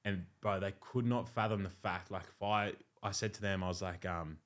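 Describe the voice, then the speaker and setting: Rambling, matey host. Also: male voice, deep voice, fairly even intonation, moderate pace, a bit bright. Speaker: podcast host. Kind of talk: casual chat.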